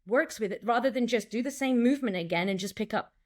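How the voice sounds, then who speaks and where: A woman director and acting coach in a casual interview, talking in an animated way, acting out lines and quotes, with many restarts. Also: a little high, fast talker.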